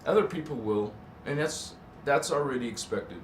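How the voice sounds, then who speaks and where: A man's voice: medium pitch, animated, moderate pace. Man, livestream host, rambling emphatic talk, desk mic, echoey room, faint hiss. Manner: rambling, emphatic preaching with self-corrections and chuckles. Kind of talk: casual spiritual livestream talk. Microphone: desk microphone.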